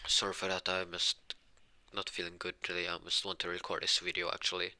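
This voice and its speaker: A man's voice: low voice, monotone, fairly quick, bright, forceful tone. A man telling a fan fiction story casually, rambling and correcting himself as he goes.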